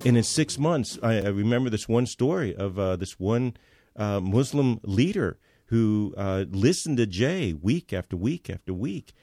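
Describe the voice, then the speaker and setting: A man with a lowish voice recounts a story as a podcast guest, pausing often and restarting his sentences. The sound is dry and close, with faint music in the background. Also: expressive, warm tone, dry recording. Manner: halting, with many fillers and restarts. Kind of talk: storytelling in casual conversation.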